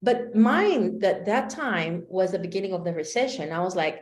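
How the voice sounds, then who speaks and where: A woman coaching trainer giving a motivational talk, animated storytelling with acted-out quotes. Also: medium pitch, moderate pace, few pauses. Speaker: life coaching trainer and speaker. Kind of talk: motivational talk to a live online audience. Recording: echoey room.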